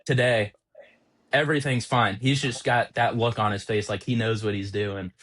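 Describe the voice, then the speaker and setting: A young man on a podcast, an auto technician telling an animated, exasperated story about a workplace prank. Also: fairly low pitch, normal speed. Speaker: podcast co-host, automotive technician. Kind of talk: casual storytelling chat.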